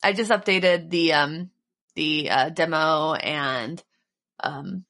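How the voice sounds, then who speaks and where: A woman co-hosting a podcast in casual chat, wry and deadpan as she teases. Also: low-pitched, slow pace. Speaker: podcast co-host.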